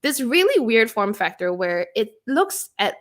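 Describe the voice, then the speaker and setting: A woman's voice: a little high, very animated. Chatty woman co-hosting a tech podcast. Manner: chatty, quick asides, lots of fillers. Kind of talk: casual chat.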